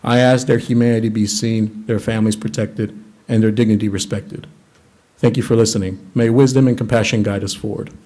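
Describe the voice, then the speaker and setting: A man reading a prepared statement during public comment at a city council meeting, earnest, measured and formal. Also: lowish voice, fairly even intonation, warm tone. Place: council chamber.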